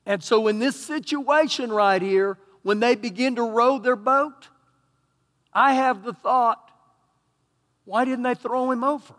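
A Texan man preaching a sermon as pastor, swinging between loud emphatic bursts and quieter asides. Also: very high-pitched, measured pace, in a large hall. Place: church sanctuary.

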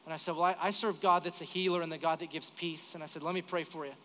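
A man in his thirties delivers an earnest, emotional sermon story at a live church service. His voice sits high and sounds bright and forceful. A long reverb from the sanctuary trails behind his words. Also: fairly even intonation, fast. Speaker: preacher.

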